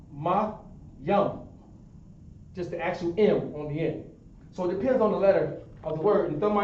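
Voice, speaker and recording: A man's voice: sits high, a little hiss or hum. Man teaching a class, echoey room. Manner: explains step by step, often asks "understand?". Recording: echoey room, distant dull sound.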